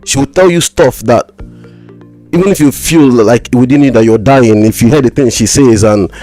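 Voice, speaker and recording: Halting man with a slight stammer. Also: medium pitch, warm tone, soft background music. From Nigeria. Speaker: podcast guest, mental health practitioner. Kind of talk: casual conversation.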